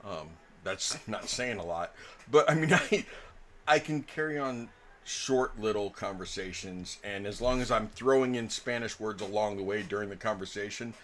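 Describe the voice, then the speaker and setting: A man's voice: lowish voice, normal speed, fairly bright tone. A man serving as game master, chatting casually and rambling through a story with lots of fillers. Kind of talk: casual table chat between game sessions.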